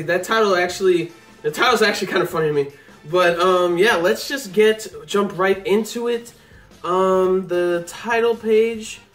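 High-pitched excitable male host, casual reaction reader, lots of exclaiming. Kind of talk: live reading reaction. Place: home computer setup.

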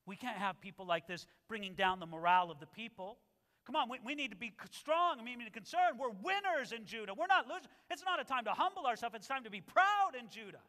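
A man's voice: extremely high pitch, animated, a little fast, sharp tone, in a large hall, full character voice. A preacher voicing a smug, self-important male chief priest who dismisses a warning. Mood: haughty. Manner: pompous, dismissive.

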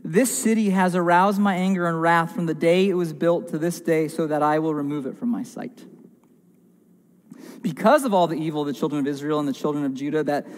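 High-voiced pastor preaching in a reverberant church. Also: male voice, fairly quick. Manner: earnest, emphatic preaching with repeated phrases and small restarts. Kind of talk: sermon. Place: church sanctuary.

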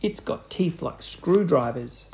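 A man voicing a mean, gloating old husband in a storybook reading, loud and teasing. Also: a little high, expressive, slow. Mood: gloating, spooky.

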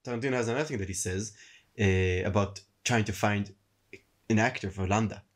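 A man's voice: fairly low pitch, a little fast. A man chatting casually about a film with his sister, explaining in eager, rambling bursts. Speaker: co-host reacting to a film.

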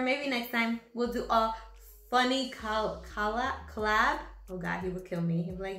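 A woman's voice: mid-range voice, lively intonation, unhurried, a bit bright, roomy sound, faint music behind. A woman hosting her own channel, chatting casually and rambling with lots of fillers. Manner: rambling, many fillers, laughs at own jokes. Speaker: channel host. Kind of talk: casual vlog chat.

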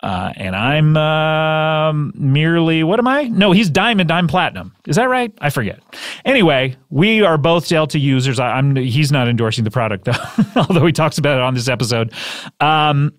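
Podcast host guy, bouncy up and down voice, jokey rambly ad read, kinda high pitched. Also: expressive, moderate pace, no echo, clean studio sound. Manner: rambling, jokey, self-interrupting. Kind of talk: improvised ad read and hosting.

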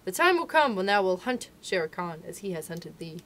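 A woman voicing a fierce, protective mother wolf who speaks in loud, archaic declarations in a storybook reading. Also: mid-range voice, fairly even intonation, unhurried, a little hiss or hum, lightly acted. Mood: tender.

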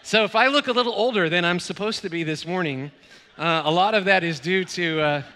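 A man's voice: sits high, brisk. Storytelling male pastor in a reverberant church. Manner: warm storytelling with many fillers and quoted dialogue. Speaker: guest pastor. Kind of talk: sermon. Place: church sanctuary. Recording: long reverb of a church hall.

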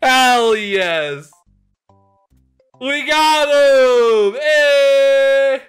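A young woman streaming games live on a headset mic, excitable, laughing often and swearing freely. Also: high-pitched, extremely slow, faint music behind. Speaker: game streamer. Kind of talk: live gameplay commentary.

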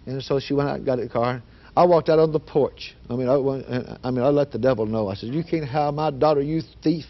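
A man telling an emotional personal testimony, shifting from hushed storytelling to loud, fervent prayer. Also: medium pitch, steady tone, fast. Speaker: guest giving testimony. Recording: dull lo-fi 1980s broadcast audio.

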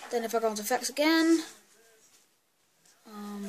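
With a mid-range voice and fairly even intonation, a woman vlogger casually narrates a screen-recorded tutorial through her computer's built-in mic, at a moderate pace with frequent pauses. She's goofy, muttering asides as she clicks, and there's a little hiss or hum.

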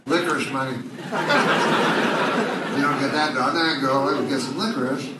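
A man doing stand-up comedy, deadpan and rambling, with hesitant fillers. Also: mid-range voice, normal speed, very noisy. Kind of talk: stand-up routine. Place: comedy club. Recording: bootleg club recording from far off, echoey with loud crowd. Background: audience laughter.

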